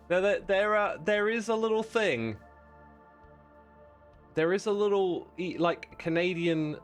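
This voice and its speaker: A man's voice: high voice, lively intonation, moderate pace, soft background music. A man chatting casually with viewers while playing on a livestream, rambling and self-deprecating, laughing often.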